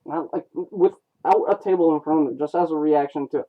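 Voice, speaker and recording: A man's voice: fairly high pitch, fairly quick. Man streaming, chatty asides, phone-tinny. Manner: chatty, self-mocking asides. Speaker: streamer reading comics. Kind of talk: casual chat between reading.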